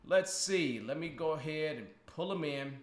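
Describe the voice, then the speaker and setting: A man's voice: a little high, normal speed. A man hosting a casual live stream with a guest on a video call, joking, teasing and laughing often. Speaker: podcast host. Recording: roomy echo.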